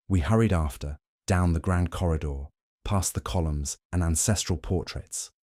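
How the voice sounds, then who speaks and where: A man narrating a mystery audiobook in the first person, with steady, measured storytelling. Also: deep voice, no echo, clean studio sound.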